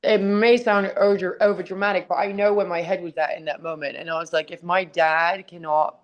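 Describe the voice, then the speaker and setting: A woman wrestler and author speaks as a guest in a candid interview over a call from home, her dog nearby, talking emotionally, bluntly, and swearing freely. She talks fast, with a medium pitch and steady tone.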